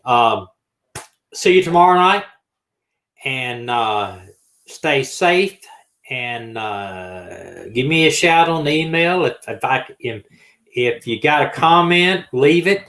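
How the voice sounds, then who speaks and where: A man's voice: medium pitch, lively intonation, slow pace, a bit bright, poor audio. An older man, hosting a live stream and signing off in a folksy, chuckling, rambling way. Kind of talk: casual live stream sign-off.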